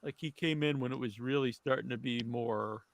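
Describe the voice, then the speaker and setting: A man's voice: medium pitch, normal speed, gravelly. A man hosting a podcast, reading out trivia and then chatting loosely with lots of fillers. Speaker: podcast host. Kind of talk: casual wrestling chat.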